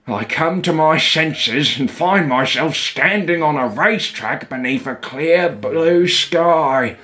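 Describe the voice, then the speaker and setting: Man reading a young male trainer; bright, slow, earnest narration. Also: a little high, faint music behind. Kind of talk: game story read-along.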